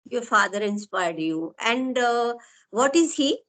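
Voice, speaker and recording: A woman's voice: on the high side, lively intonation, a little slow, a bit bright, low-quality recording. A woman with an Indian English accent, hosting an online interview and asking long, winding, earnest questions. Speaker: interviewer and host.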